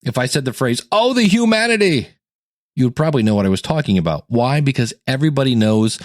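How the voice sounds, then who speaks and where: A man hosting a teaching podcast in a casual, conversational way, acting out quotes with sudden jumps in pitch. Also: quick pace, a little mellow, no room sound, clean studio sound. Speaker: podcast coach and host.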